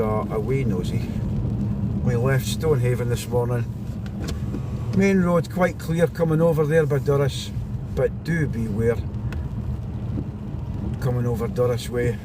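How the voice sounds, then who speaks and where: With a medium-pitched voice, an unhurried pace and long pauses, a Scotsman live-streams from his mobile phone, chatting casually and greeting viewers over and over. He drives first, then heads out on foot into the snow, and road and car noise come through the phone mic.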